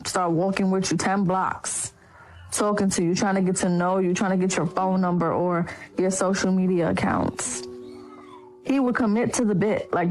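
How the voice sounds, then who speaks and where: A woman's voice: mid-range voice, moderate pace, darkish tone, faint music behind, rough recording. Wistful New woman reminiscing. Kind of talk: casual monologue clip.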